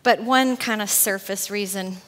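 A woman's voice: medium pitch, a little slow, a bit bright. A middle-aged woman from the American South with a Southern accent, speaking at a conference in a chatty, storytelling way and laughing often. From Southern United States. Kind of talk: conference talk from a stage. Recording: long reverb of a large hall.

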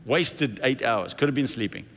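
A man's voice: medium pitch, moderate pace. Man preaching in a reverberant hall. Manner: conversational, animated storytelling. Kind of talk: sermon.

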